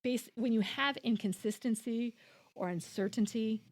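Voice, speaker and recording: A woman's voice: on the high side, moderate pace, darkish tone. A woman co-hosting a podcast, explaining things at length in casual chat, with many restarts and quoted voices. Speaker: podcast co-host.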